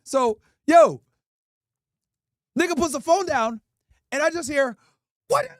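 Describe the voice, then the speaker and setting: A man in his thirties from Connecticut, telling crude stories to his livestream chat in a lively, laughing way. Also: extremely high pitch, takes it slowly, dry recording, clean studio sound. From Connecticut, USA. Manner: animated, crude, laughing storyteller. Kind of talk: casual storytelling to chat.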